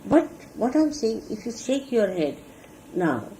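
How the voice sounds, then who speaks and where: A woman's voice: on the high side, big pitch swings, unhurried, warm tone, low-quality recording. A woman giving an earnest sermon to followers, teaching how to behave and showing each point with gestures. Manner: earnest, instructive, demonstrates with gestures. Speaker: spiritual teacher. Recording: archival talk recording with faint hiss.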